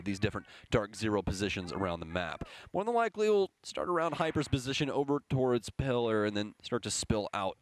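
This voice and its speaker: Excitable young male esports commentator. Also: lowish voice, a little hiss or hum. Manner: excitable on big plays, playful banter. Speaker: esports caster. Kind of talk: analysis and play-by-play commentary.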